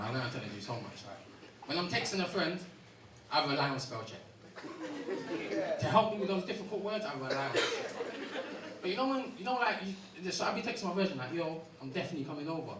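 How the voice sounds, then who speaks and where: Young guy doing standup, high lively voice, roomy club with loud crowd laughing. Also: fairly quick, long pauses, recorded from a distance. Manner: animated, swearing, street slang. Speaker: stand-up comedian. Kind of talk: stand-up comedy set. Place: comedy club stage with a laughing audience. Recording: roomy club sound, audience roar.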